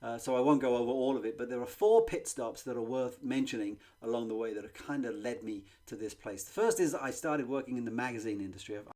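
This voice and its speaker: English man giving a marketing pitch. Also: expressive, fast, few pauses, warm tone. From England. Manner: conversational, with frequent ums and uhs. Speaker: magazine publisher presenting a marketing webinar. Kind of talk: presentation pitch.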